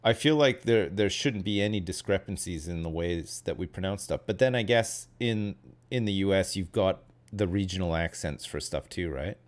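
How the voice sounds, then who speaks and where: Chatting casually as he games on stream, this thirty-something host has a deep, animated voice at normal speed. His talk wanders, packed with hedges, fillers and tag questions.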